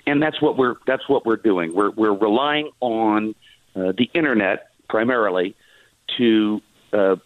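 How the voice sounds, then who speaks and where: A man being interviewed over the phone, speaking haltingly with many fillers and restarts. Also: fairly low pitch, dry recording. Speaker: theater producer guest. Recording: tinny phone line.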